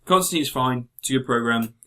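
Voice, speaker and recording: A man's voice: mid-range voice, a little fast, pushed and bright, clear, resonant tone. A man co-hosting a podcast, chatting casually in a blunt, sweary, rambling way. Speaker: podcast co-host. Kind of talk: casual review chat.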